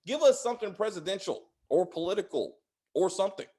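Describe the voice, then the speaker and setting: A man hosts a casual spoiler review of a TV episode. His voice sits a little high and swings widely in pitch. He rambles, swears freely and peppers his talk with fillers. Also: fast talker. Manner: rambling, profane, animated, with frequent "like" fillers. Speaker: show host reviewing TV episodes.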